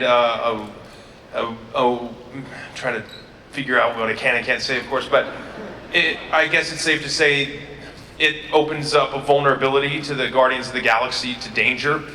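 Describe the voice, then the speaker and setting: A man's voice: medium pitch, bright, forceful tone. A man on a convention panel who speaks earnestly and searches for his words. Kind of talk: panel talk. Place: large convention hall. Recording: echoey hall recorded from far off, crowd noise.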